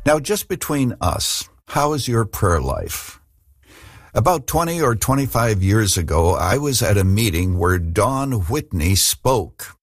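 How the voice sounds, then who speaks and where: A pastor hosting a radio show speaks in a lowish male voice, steady and personal, as if talking to one listener. The sound is dry and close, with no room around it. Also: measured pace, no room sound. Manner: warm, direct, conversational. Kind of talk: radio ministry talk.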